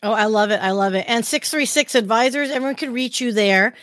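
A woman from Southern California hosting a podcast in an upbeat, chatty way, giving shout-outs. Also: fairly high pitch, a little fast, no room sound, studio quality. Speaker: podcast host. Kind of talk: casual podcast chat.

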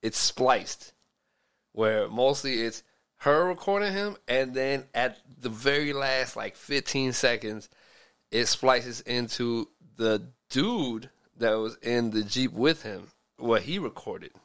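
A man's voice: mid-range voice, slow pace. A man co-hosting a podcast, telling stories in casual chat with lots of slang and swearing. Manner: animated storytelling, heavy slang and swearing. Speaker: podcast co-host.

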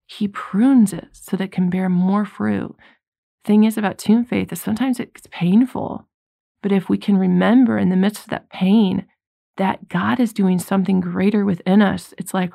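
A woman giving an earnest, conversational faith talk, mixing scripture with personal stories and getting animated when she acts out her own thoughts. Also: medium pitch, moderate pace, vocal fry, dry recording, studio quality. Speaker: Christian speaker.

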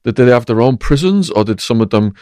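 A man interviews his guest, feeling his way through each question with small restarts. His voice sits in a middle pitch. The recording is dry, with no room around it. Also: lively intonation, fairly quick, darkish tone, no room sound.

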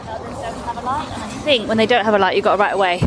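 A chatty woman in her forties talks straight into her phone while out walking. Her voice sits a little high and she swears freely in a blunt, candid way. Loud traffic rumbles around her on the open street. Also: very fast, crowd noise. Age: 40s. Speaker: travel vlogger. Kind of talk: casual talk to camera. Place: city streets outdoors. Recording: phone audio with traffic noise.

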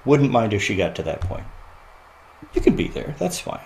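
A man's voice: lowish voice, big pitch swings, normal speed, gravelly, a little mellow, slight background noise. A man who is a podcast guest, telling personal stories in an earnest, reflective way and often laughing. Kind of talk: heartfelt podcast conversation.

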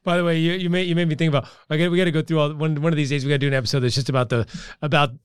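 A man's voice: a little high, fairly even intonation, very fast, clean tone, no room sound, clean studio sound. A man co-hosting a podcast, rambling through stories in casual, profane chat with many fillers and restarts. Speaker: podcast co-host.

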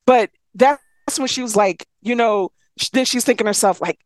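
Animated woman retelling a story, dry mic. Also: a little high, moderate pace, dry recording. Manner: animated storyteller, acts out characters' lines, swears freely. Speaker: podcast co-host recapping a story. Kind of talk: casual chat, retelling a book with acted quotes.

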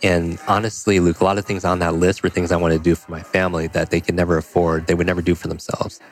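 A man telling a personal story as a podcast guest, animated and full of "like" and "you know". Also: sits low, fast, soft background music. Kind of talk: storytelling in a conversational interview.

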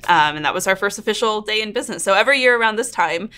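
A woman's voice: mid-range voice, animated, racing, pushed and bright. Earnest woman host, emotional chat. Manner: earnest, open and emotional, laughs and nearly cries. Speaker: real estate coach and YouTube host. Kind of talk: intro narration then casual one-on-one chat to camera.

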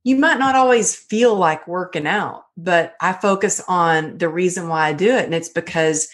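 A middle-aged woman speaks in a slightly low voice. She talks earnestly and tells her story with animation, like a guest in a casual podcast conversation. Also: normal speed.

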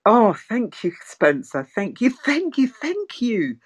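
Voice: medium pitch, wildly swooping pitch, takes it slowly, husky, poor audio. A chat host thanking a guest and asking a follow-up, hesitating and searching for words. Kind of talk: casual chat hosting.

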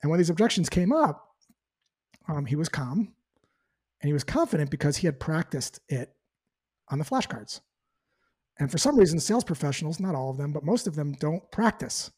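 A man giving a conversational sales coaching talk, animated and lively, acting out sample phone exchanges. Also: fairly high pitch, normal speed, pauses often, slightly rough. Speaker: sales trainer.

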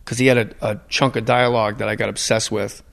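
A man in casual chat, an animated storyteller who keeps slipping into impressions. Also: on the low side, fast, creaky.

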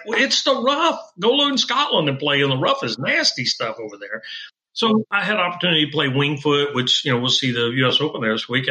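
A middle-aged man speaks in a bright, forceful voice at a middling pitch. He tells his stories emphatically and with self-assurance, talking conversationally in an interview. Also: low-quality recording. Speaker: golf wedge designer.

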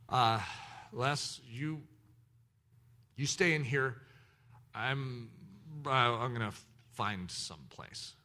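Middle-aged male preacher, very bright voice, a bit higher than most men, animated self-mocking storyteller. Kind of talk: storytelling sermon.

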